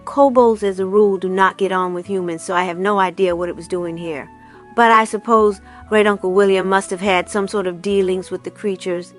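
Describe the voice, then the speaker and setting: A woman's voice: mid-range voice, fairly even intonation, fairly quick, faint music behind, close to an everyday voice. A woman reading aloud, voicing a stern, dry-witted older aunt who speaks coolly and sarcastically. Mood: dismissive. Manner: cool and sarcastic.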